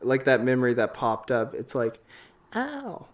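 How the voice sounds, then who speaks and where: A man's voice: mid-range voice, flat delivery, moderate pace. A young adult man, a podcast guest in a casual chat, talking loosely, swearing and laughing often.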